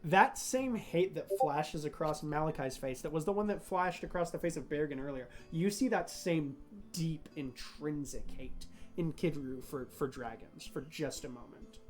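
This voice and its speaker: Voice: medium pitch, moderate pace, a little mellow, soft background music. Brief: game master narrating a tabletop game, casual and rambling, often laughing.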